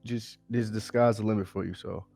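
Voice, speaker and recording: A man co-hosting a podcast in casual motivational chat, sick and pausing to catch his breath. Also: lowish voice, fairly even intonation, creaky, mellow, soft background music. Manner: pausing to catch breath, frequent "you feel me". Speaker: podcast co-host.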